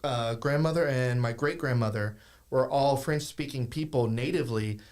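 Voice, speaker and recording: A man with a light Cajun accent from South Louisiana hosts a podcast. He talks in a casual, animated way and tells stories. His pitch sits in the middle for a man. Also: normal speed. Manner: animated storyteller, slips into Cajun phrases. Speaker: podcast host. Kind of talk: casual interview chat.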